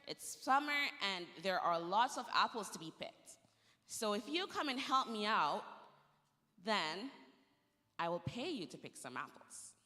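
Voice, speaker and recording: Woman playing kindly orchard pastor, bright and friendly, echoey hall. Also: medium pitch, very animated, measured pace. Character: kindly male pastor who owns an orchard.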